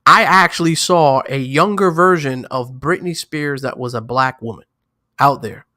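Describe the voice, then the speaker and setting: Bright-toned New man in casual chat. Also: on the high side, moderate pace, no echo, studio quality. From New York. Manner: loose, boastful storytelling with slang. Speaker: podcast co-host.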